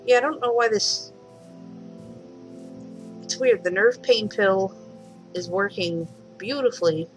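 Casual let's-play host, woman, mid-pitched, game music underneath. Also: takes it slowly, long pauses, poor audio. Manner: chatty, talks to game animals, swears lightly. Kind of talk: casual gameplay commentary. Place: home room.

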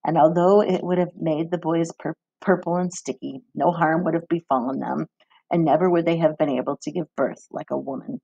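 A woman reads a novel aloud in a measured storybook narration. Her voice has a gravelly, husky texture. The recording is dry and close. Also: sits low, fairly even intonation, dark tone, dry recording, dull audio. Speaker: reader.

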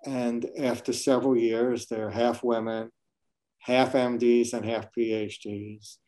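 Warm-voiced, reflective medical school dean. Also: male voice, mid-range voice, level tone, takes it slowly. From New York City. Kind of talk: webinar interview answers.

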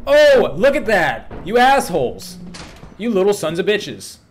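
A man swearing loudly and bantering as he plays a game with friends, yelping when startled. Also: high-pitched, huge pitch swings, unhurried, a little hiss or hum. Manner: loud, swearing, jumps into yelps when startled. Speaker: gamer streaming with friends. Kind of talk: casual gaming banter.

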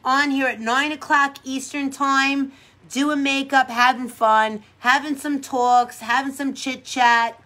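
Reading out comments on her makeup livestream, a woman rambles along cheerfully and encourages her viewers. She speaks slowly in a high voice with little pitch movement, sounding pushed and bright.

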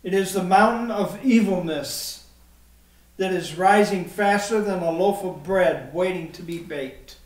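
A man preaching a sermon and reading scripture aloud, with slow and emphatic delivery. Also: a little high. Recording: echoey room, mic at a distance.

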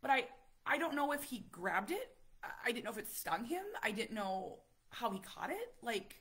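A woman in her thirties, a parent vlogger telling a story in casual, animated chat, full of fillers and acted-out quotes. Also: fairly high pitch, normal speed, slightly rough. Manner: animated, chatty, many fillers, acts out quotes.

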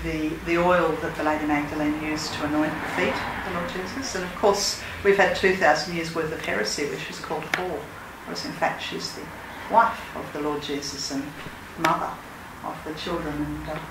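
This spiritual teacher's voice sits low, with fairly even intonation, a moderate pace and few pauses. In a lodge meeting room she mixes casual talk with call-and-response mantra chanting, earnest and emphatic as she leads the chants. She's recorded at a distance in an echoey, noisy room.

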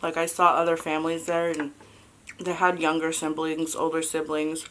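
A woman in her thirties chatting casually as a vlogger and mother, halting and soft with many fillers, fighting back tears. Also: deep voice, completely flat delivery, a little hiss or hum. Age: 30s. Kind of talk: casual confessional chat.

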